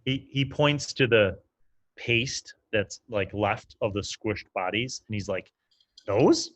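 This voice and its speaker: A man's voice: fairly low pitch, slow pace, a bit bright, no echo. A man narrating as game master in a casual, loose way, with lots of fillers.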